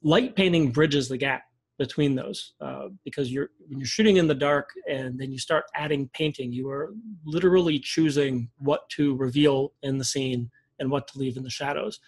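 Relaxed man explaining with many fillers. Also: mid-range voice, normal speed, slightly rough, poor audio. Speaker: guest photography instructor. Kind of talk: casual interview talk.

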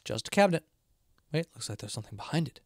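A man's voice: a little high, sing-song, fast, no room sound, clean studio sound. A man streaming a horror game live, rambling to himself and his chat, sleepy and yawning. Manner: rambling, self-talking, sleepy with yawns. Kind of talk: casual live game commentary.

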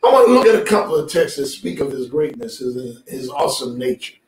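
This pastor speaks briskly and very animatedly in a mid-range voice, preaching a streamed sermon to his congregation. His delivery is conversational, with calls for response. It's recorded from a distance in a roomy church sanctuary, music faint behind.

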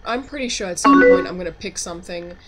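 A young woman casually commenting on a game, reading choices aloud and thinking out loud in a wry, chatty way. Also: fairly low pitch, fast. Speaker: let's play gamer. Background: background music.

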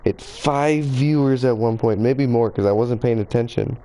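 A man's voice: mid-range voice, steady tone, normal speed, mellow, poor audio. A man streaming a game live, chatting in a rambling, self-deprecating way to a few viewers.

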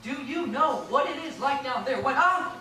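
A man's voice: extremely high pitch, moderate pace. A young man playing a nervous, blustering city policeman in a school stage play. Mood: flustered. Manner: blustering, flustered, rambling. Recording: echoey stage from far off.

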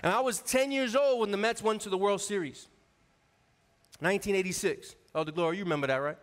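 High-voiced pastor preaching in a reverberant church. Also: male voice, a little fast. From New York area. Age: 40s. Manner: conversational, storytelling, calls out to the congregation. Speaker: associate pastor. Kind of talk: sermon. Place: church sanctuary. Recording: long reverb of a church hall.

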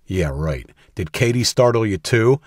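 A man voicing an injured, desperate teenage boy who shouts tense, aggressive orders in an audiobook. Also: on the low side, lively intonation, a little slow, no room sound, clean studio sound, voice pushed up.

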